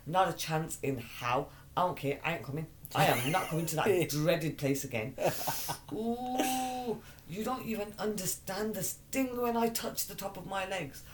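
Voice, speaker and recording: A woman's voice: on the low side, lively intonation, normal speed, few pauses, noisy background. A woman co-hosting a podcast, dramatic in casual chat, swearing and shrieking. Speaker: podcast co-host.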